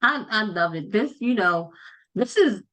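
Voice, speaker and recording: A woman's voice: mid-range voice, animated, a little slow, bright, forceful tone. A grandmother chatting casually as a podcast guest, speaking in an earnest, encouraging way. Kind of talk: casual chat between friends.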